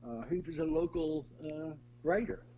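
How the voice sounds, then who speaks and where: An older man, a guest in a conversational interview, telling stories in an animated way and laughing as he goes. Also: a little high, normal speed, husky. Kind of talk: conversational storytelling.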